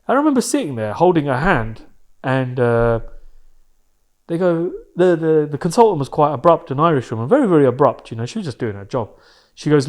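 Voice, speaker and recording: A man's voice: fairly high pitch, big pitch swings, a little fast. A man, a podcast guest telling an emotional personal story in a candid, slangy way with some swearing.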